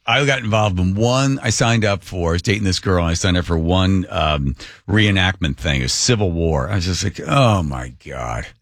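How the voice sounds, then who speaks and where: A man's voice: deep voice, normal speed, a bit bright, no echo. A male radio talk show host chatting casually and telling rambling, joking stories. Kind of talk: casual on-air chat, storytelling.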